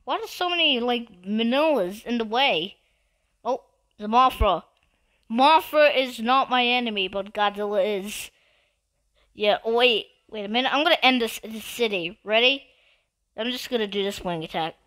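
A woman giving live gameplay commentary, excitable and given to repetitive trash talk at other players. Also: fairly high pitch, normal speed. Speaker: gamer.

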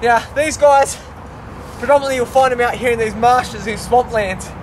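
Breathless Australian man, high-pitched and whooping. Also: moderate pace, a little hiss or hum. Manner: exuberant, whooping, casual slang. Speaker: wildlife adventurer host. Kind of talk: excited on-location presenting. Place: outdoor swamp, in the water.

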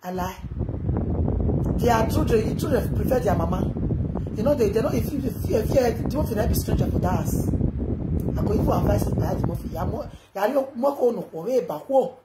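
A woman with a Nigerian accent ranting on a live video, loud and rambling, mixing Pidgin with local languages. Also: a little high, animated, brisk. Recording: echoey room with background noise.

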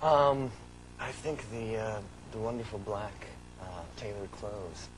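A young man in his twenties, an actor guest on a TV talk show, speaking hesitantly with many fillers and restarts. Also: slow. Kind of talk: casual TV interview. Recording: noisy low-quality TV recording.

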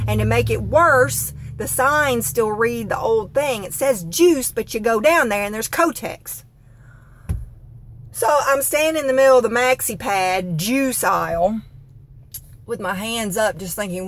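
A woman's voice: medium pitch, fairly bright tone. A woman telling an exasperated, dramatic comic rant with expressions. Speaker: comedic vlogger.

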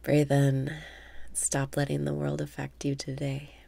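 A woman leading a guided meditation with calm breath cues, often dropping into a half whisper. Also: sits low, unhurried, gravelly, dry recording.

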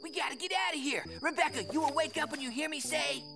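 A woman's voice: high-pitched, quick pace, loud music behind the voice. A woman voicing a mean, scheming cartoon bully kid who bosses others around and hurls insults.

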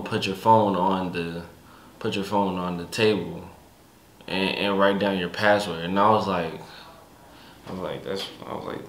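A young man casually recounting a family conflict in relaxed, slangy speech with many restarts. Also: low voice, echoey room. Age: young adult. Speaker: son telling his story. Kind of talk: casual storytelling.

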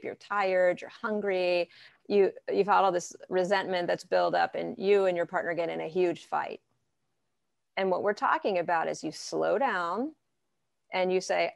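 A woman therapist answering interview questions in a lively, conversational way, acting out what clients say. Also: lowish voice, vocal fry, dry recording, studio quality. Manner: lively, acts out clients' arguments in quotes. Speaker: therapist guest.

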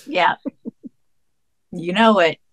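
A woman's voice: lowish voice, extremely slow, dry recording. A woman co-hosting a podcast in casual chat, sassy and mock-defensive. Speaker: podcast co-host.

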